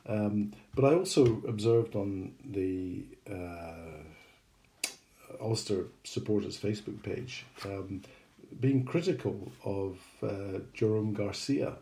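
A man's voice: on the low side, takes it slowly, dark tone, a little hiss or hum. A middle-aged man co-hosting a podcast, chatting casually and rambling with many hesitations. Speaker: podcast co-host. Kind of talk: casual chat.

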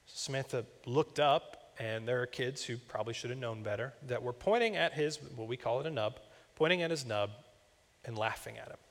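Young man, sermon, conversational storytelling, mid-pitched voice, church hall reverb. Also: normal speed. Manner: conversational, personal storytelling with asides. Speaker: campus minister preaching.

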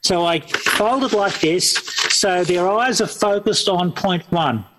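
A man's voice: high voice, slow, background noise. A man running an evangelism training workshop, explaining a method in plain, repetitive steps and often restarting his sentences. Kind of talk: instructional workshop talk.

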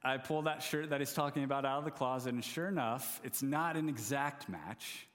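A man's voice: mid-range voice, moderate pace, a bit bright. A man in his thirties preaching a sermon, telling a self-deprecating, humorous story about his family. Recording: long hall reverb.

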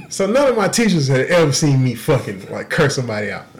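Animated, profane man telling a story. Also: medium pitch, a little fast. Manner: animated, profane, laughs through the punchlines. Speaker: podcast co-host. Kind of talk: casual storytelling.

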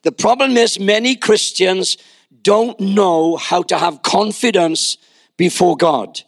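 A man's voice: high-pitched, slow, no room sound, studio quality. An older male pastor preaching a sermon, telling stories with wry asides and repeating words as he builds.

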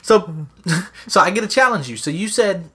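Man, podcast host, bright forceful voice, slightly high, loose swearing banter. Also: lively intonation, moderate pace. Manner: loose, swearing, laughs and restarts often.

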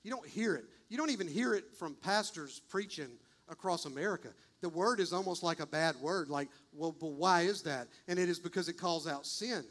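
Male pastor, high-pitched and impassioned, emphatic sermon delivery. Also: a bit bright. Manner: impassioned, emphatic, swings between fast bursts and slow stresses. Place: church, streamed online.

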